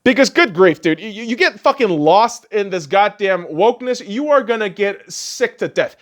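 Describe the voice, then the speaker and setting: A man's voice: high voice, expressive, normal speed, hardly any pauses, fairly bright tone. A man hosting a podcast, delivering a solo sports rant full of heated profanity. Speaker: podcast host.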